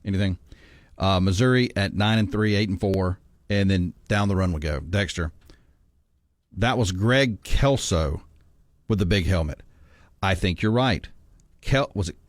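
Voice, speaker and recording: A man's voice: low-pitched, unhurried, long pauses, dry recording, studio quality. A man hosting a sports talk radio show, giving his picks and reading listener texts in an opinionated, chatty way. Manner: opinionated, reads texts and calls aloud.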